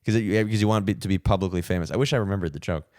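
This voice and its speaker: A man's voice: low voice, rapid-fire, a little mellow, no room sound, clean studio sound. A young man hosting a solo podcast, rambling and self-deprecating, full of fillers and restarts. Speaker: podcast host.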